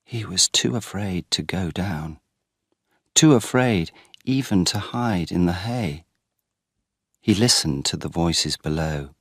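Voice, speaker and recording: Man narrating a story, very deep voice, slow pace, lively pitch, dry close mic. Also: no room sound. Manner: slow, clear and expressive. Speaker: story reader. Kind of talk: scripted narration for English learners.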